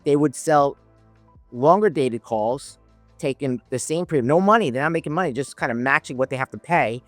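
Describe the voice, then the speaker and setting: A man's voice: mid-range voice, moderate pace, no room sound, soft background music. A man speaking as a podcast guest, telling a story in casual conversation, rambling with many restarts and voicing the people in it. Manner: rambling, many restarts, acts out quoted dialogue. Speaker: podcast guest, options trader.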